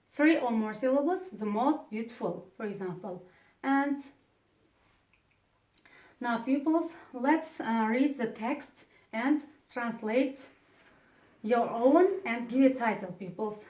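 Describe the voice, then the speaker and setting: Slow Uzbek-accented woman teaching grammar. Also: a little high, a little mellow. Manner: slow, halting delivery with many fillers, stresses example words. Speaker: English teacher. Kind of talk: classroom grammar lesson. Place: classroom. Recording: echoey room, voice from a distance.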